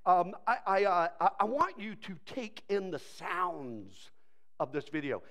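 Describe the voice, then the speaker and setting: A man's voice: high voice, unhurried. Pastor, man, joking sermon, swooping intonation. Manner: animated, joking, breaks into playful voices.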